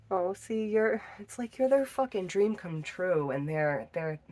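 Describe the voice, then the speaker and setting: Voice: medium pitch, slow, a little mellow. A tarot reader giving a casual reading into a phone, chatty and profane, laughing often.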